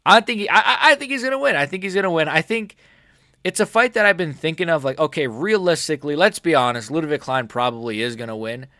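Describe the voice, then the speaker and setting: Excitable, swearing male fight-picks vlogger. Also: a little high, fast talker, no room sound, clean studio sound. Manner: excitable, swears a lot, jokey, self-correcting. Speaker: MMA prediction channel host. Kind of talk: casual fight predictions vlog.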